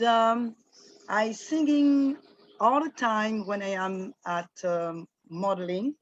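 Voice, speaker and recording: Slow, halting French-accented woman. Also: medium pitch, no room sound, highs cut off. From Martinique. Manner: halting, searching for words, earnest. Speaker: guest singer. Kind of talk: casual remarks on a video call.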